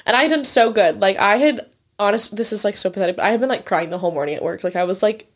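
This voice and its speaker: A woman in her twenties with a mid-range voice talks very fast. As co-host of a casual chat, she tells stories in a chatty way, filling them with "like" and swearing freely.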